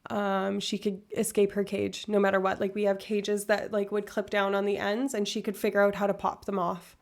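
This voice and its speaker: Woman in her 30s, livestream host, chatty and rambling, with a gravelly fry in her voice. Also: mid-range voice, monotone, normal speed. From far north Alberta, Canada. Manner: rambling, tangent-prone, self-deprecating. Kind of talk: casual chat reading viewer comments.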